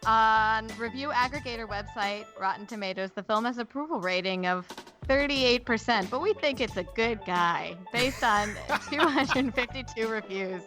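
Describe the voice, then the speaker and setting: A woman's voice: on the high side, sing-song, very slow, long pauses, music in the background, exaggerated voice. A woman putting on a cheap Canadian voice to read movie stats, giggling and apologizing as she goes. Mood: giggly, apologetic. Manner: keeps breaking into giggles, chirpy apologies. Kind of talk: comedy podcast bit.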